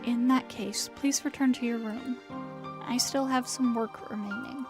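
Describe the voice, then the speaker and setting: A woman voicing a quiet, expressionless young maid who speaks politely and flatly. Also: a little high, a little slow, music in the background, close to an everyday voice. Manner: polite and flat.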